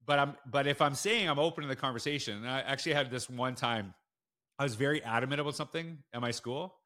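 A man, a school principal, telling stories in a casual podcast interview and acting out the quoted people with lively jumps in his voice. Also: fast talker. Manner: animated, acts out quotes with big jumps in pitch.

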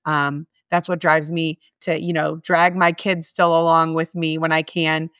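Earnest woman, smooth close voice. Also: low-pitched, flat delivery, measured pace, fairly bright tone, no room sound. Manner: earnest, heartfelt, with many restarts. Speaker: guest, homeless mission staff. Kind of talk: conversational interview.

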